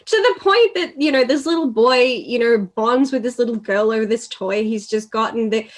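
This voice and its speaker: A woman's voice: on the high side, normal speed. A woman hosting a casual movie chat, talking freely with laughs and the odd swear. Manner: chatty, swears, laughs easily. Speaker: podcast host.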